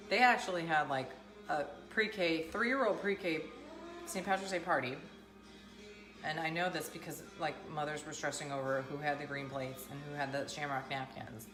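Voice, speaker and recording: A woman, chatting casually to camera and rambling through everyday stories. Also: deep voice. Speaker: vlogger. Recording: echoey room with music playing.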